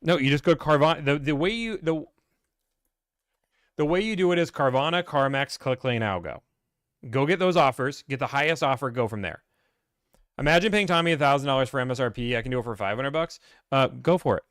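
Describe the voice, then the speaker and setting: A man hosting a casual Q&A stream, blunt and ranting, acting out salesmen in quick put-on voices. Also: medium pitch, lively intonation, fairly bright tone, no echo, clean studio sound. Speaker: host answering viewer questions. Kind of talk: casual livestream Q&A.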